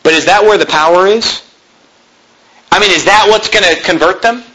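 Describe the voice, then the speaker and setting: A male pastor preaching a sermon in an emphatic way, mocking street preachers with loud shouted impressions. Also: high voice, normal speed, slight background noise, low-quality recording.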